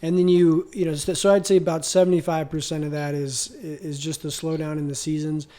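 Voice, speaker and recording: A man's voice: a little high, level tone, a little fast, mellow. A man co-hosting a casual business podcast, talking in a reflective, hesitant way and often repeating words. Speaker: co-host.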